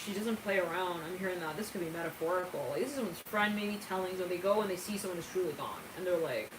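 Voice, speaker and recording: A woman's voice: on the low side, animated, fast talker. A woman giving a casual, channeled tarot reading in a chatty, giggly way, with frequent asides. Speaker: tarot reader. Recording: roomy, distant mic with background noise.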